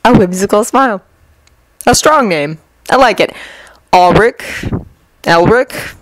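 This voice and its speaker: A woman reading a fanfiction aloud, voicing a calm, wry young man who has lost his memory. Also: medium pitch, slow pace, slight background noise, low-quality recording.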